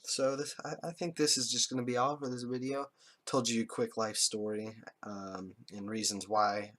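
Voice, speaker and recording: A man's voice: fairly low pitch, level tone, unhurried, fairly bright tone. A man telling a rambling, joking story to camera, crude and full of swearing. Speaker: vlogger.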